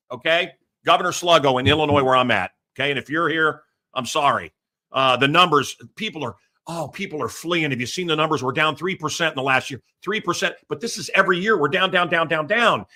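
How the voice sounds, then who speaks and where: A middle-aged American man hosting a talk show, ranting loudly and crudely in a rambling, blustery way. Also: on the high side. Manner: loud, blustery and crude, with mocking put-on voices. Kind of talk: rambling political rant.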